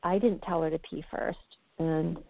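A woman's voice: on the low side, fairly even intonation, measured pace, gravelly, no room sound. A woman talking candidly as a podcast guest, reflective and searching for her words. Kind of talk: candid casual conversation. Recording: muffled, dry, lo-fi.

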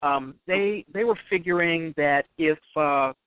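A man hosting a radio talk show, speaking haltingly with many restarts and fillers. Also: on the high side, smooth, no echo. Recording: dry, phone-like line.

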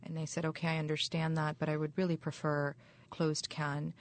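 A woman, a university chaplain, recounting a personal experience in a measured, polite way. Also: sits low, flat delivery.

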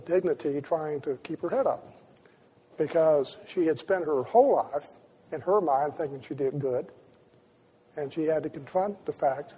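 Man, storyteller at a talk, husky, with a long reverb from a big hall. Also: fairly high pitch, dark tone. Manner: vivid storytelling with many restarts. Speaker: speaker. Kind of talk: storytelling lecture.

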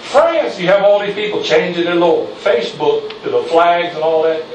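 A man preaches a fiery sermon from the pulpit, his fairly high voice climbing as he presses his points and calls for amens. The sound is roomy and distant, with faint hiss behind it. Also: brisk, a little mellow, lo-fi sound. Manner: preaching with rising intensity, calls for amen. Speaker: pastor. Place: church sanctuary. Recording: echoey church, mic from afar.

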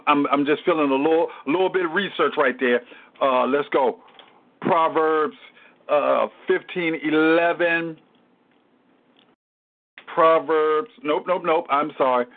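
A man, a pastor, teaching a Bible study in a repetitive preaching style, breaking in with calls to God. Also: fairly high pitch. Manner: repetitive call-and-response preaching with exclamations to God. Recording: narrow tinny phone-line sound.

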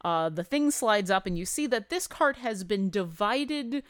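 A woman narrating a tabletop game as game master, describing scenes in a relaxed way with hesitant fillers. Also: mid-range voice, a little slow, no room sound, studio quality.

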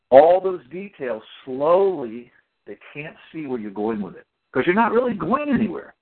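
A man's voice: medium pitch, fast talker, vocal fry. Guy on a call telling courtroom-style stories, voice bounces all over, sounds like a phone line. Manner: animated, acts out people in his stories. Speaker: community call speaker. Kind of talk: casual storytelling on a call. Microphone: phone or call audio.

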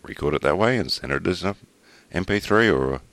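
A man's voice: low-pitched, lively intonation, a little fast, a bit bright, dry recording. A man with an Australian accent hosting a podcast, joking and teasing his co-hosts in casual banter. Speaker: podcast host.

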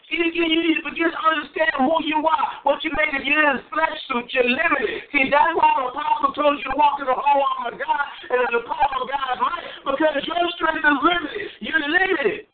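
Male pastor, very high voice, lively preaching that repeats key lines, heard through a tinny phone line. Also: fairly quick, hardly any pauses. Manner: lively preaching, swings between high exclamations and low asides; repeats phrases for emphasis. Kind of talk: sermon.

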